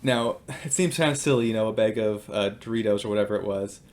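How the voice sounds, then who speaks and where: A man's voice: fairly low pitch, fast talker, darkish tone. Man giving a casual devotional talk. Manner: conversational, with fillers and storytelling. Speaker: Christian speaker.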